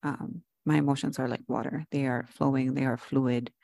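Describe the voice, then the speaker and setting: A woman co-hosting a casual podcast, talking in an expressive, animated way and swearing casually. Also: rumbling low, moderate pace, vocal fry, no room sound, studio quality. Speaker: podcast co-host.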